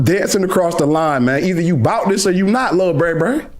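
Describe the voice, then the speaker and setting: Loud, aggressive middle-aged male streamer. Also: sits high, lively intonation, a little fast, hardly any pauses. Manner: loud, aggressive trash talk, calls the other player "son". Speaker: gaming streamer. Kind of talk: heated live reaction rant.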